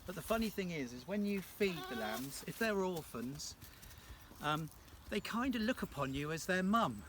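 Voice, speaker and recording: A man's voice: sits high, sing-song, moderate pace. A man in his thirties giving a chatty, jokey casual tour of farm fields outdoors. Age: 30s. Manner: jokey and chatty, teasing asides. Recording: distant outdoor recording with field noise.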